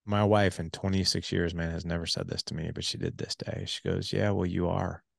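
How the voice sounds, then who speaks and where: A man's voice: low voice, fairly even intonation, fairly quick, vocal fry, breathy edge, dry recording, clean studio sound. A middle-aged man, a podcast guest, telling an emotional personal story in a candid, casual way. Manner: candid, casual, many fillers like dude and man.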